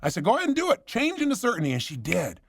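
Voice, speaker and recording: A man telling a story at a motivational seminar, acting out the dialogue with animated emphasis. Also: high-pitched, rapid-fire, gravelly. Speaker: motivational speaker.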